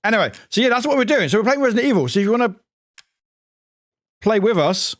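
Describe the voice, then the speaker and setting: A man's voice: sits high, very animated, fast talker, dry recording, clean studio sound. A man chatting on a live gaming stream, rambling, swearing and yelping when startled. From United Kingdom.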